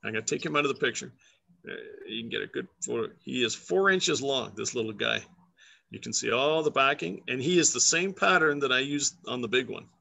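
A man's voice: medium pitch, quick pace, creaky, pushed and bright. A man, a woodcarver, chatting casually and playfully as he shows his work on a live video call, laughing often. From Canada. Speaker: guest woodcarver. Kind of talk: casual demonstration over a live video chat.

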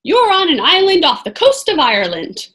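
A woman's voice: very high voice, huge pitch swings, normal speed, fairly bright tone, pitched above the performer's own voice, heavily acted. A woman doing a jolly, kindly monk. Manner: hearty, friendly. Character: jolly kindly middle-aged male monk.

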